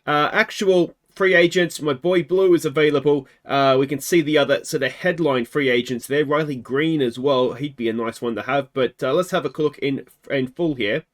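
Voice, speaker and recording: An Australian man in casual game commentary, talking things through in a chatty, wry way. His voice sits a little higher than most men's, and he fills pauses as he weighs each choice. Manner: chatty, thinking aloud, frequent fillers and wry asides. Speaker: gaming video host.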